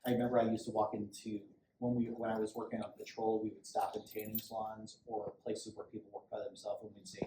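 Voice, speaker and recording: A man's voice: fairly low pitch, completely flat delivery, fast, hardly any pauses. A middle-aged man, a police sergeant, giving a loose, conversational safety training talk to a small group and acting out little quotes as he goes. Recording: echoey room, distant mic, faint hiss.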